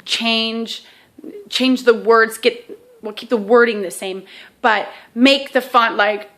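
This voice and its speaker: A woman with a somewhat high voice walks the listener through a self-help exercise. She keeps it casual and chatty, checks in with "okay?" again and again, and pokes fun at herself as she goes. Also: steady tone, takes it slowly, a bit bright. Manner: self-deprecating humor.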